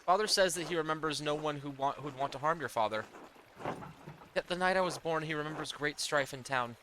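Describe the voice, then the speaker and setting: A man voicing an earnest young woman, reading her kind letter in a gentle way. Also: fairly high pitch, brisk, noisy background, lightly acted.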